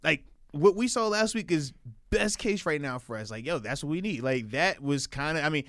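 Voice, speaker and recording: A young man talking football on a podcast, his voice smooth and ringing, set a little higher than most men's. He chats casually and jokes a lot, close and dry on the mic. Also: normal speed, no echo. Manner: animated, jokey, slips into a mock Australian bit. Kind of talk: casual sports chat.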